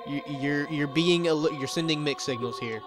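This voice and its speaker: A man's voice: fairly high pitch, normal speed, music in the background. A young man hosting a let's play, giving casual gameplay commentary full of sarcastic, joking asides.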